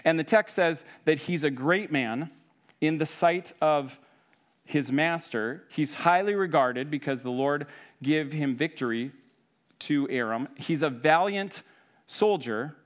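Man, preaching, conversational, somewhat high pitch, animated when quoting. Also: unhurried. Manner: conversational storytelling with animated quoted voices. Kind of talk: sermon.

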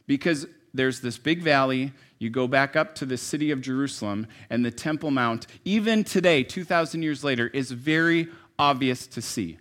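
A man preaching a sermon in a conversational, storytelling way, dropping to soft asides and rising to emphatic lines. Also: mid-range voice, moderate pace, few pauses. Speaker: pastor.

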